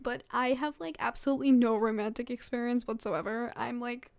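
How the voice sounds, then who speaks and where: A woman's voice: a little high, steady tone, a little fast, vocal fry, a little mellow, no room sound. A sleepy young woman reading fan fiction aloud late at night, rambling and giggly with many fillers.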